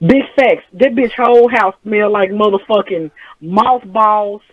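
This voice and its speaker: A man telling stories as a host in a casual chat, profane and animated. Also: high voice, unhurried. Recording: tinny phone-like sound.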